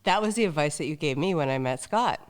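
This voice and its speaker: A woman's voice: deep voice, lively intonation, fast. A woman hosting a dating podcast, enthusiastic and affirming toward her guest. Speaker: podcast host. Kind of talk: podcast interview.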